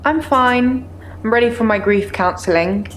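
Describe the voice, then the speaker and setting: A woman playing a wary, sharp-tongued receptionist. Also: on the high side, moderate pace, slight background noise, natural voice. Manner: dry, pointed and suspicious. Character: guarded female clinic receptionist, wary and sharp. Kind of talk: FMV game acting.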